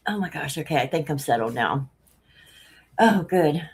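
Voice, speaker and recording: A woman chats casually on a home live stream, sounding a little out of breath, rambling between topics and laughing often as she greets viewers by name. Her voice is deep and expressive, at a moderate pace.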